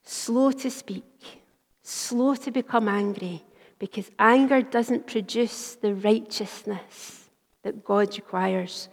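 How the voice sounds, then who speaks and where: A woman's voice: a little high, gravelly. Woman preaching in a reverberant church. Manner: earnest storytelling, softening to a hush for quoted words. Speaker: minister. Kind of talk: sermon.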